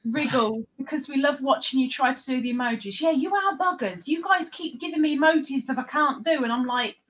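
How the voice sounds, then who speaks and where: A woman with a high voice and a bright, forceful tone hosts a relaxed livestream. She rambles happily and giggles often. Her talk jumps between topics as she chats with viewers and a guest. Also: a little fast, muffled recording. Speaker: livestream host. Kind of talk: casual livestream chat.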